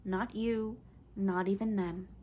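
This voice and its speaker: A big, guarded young girl answers bluntly and drily, her speech carrying a slight lilt, as a woman reads her part aloud. The voice sits near the reader's own, pitched low and plain. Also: fairly even intonation, takes it slowly, dark tone, a little hiss or hum, close to an everyday voice. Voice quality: lilting speech. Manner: gruff, blunt, dry.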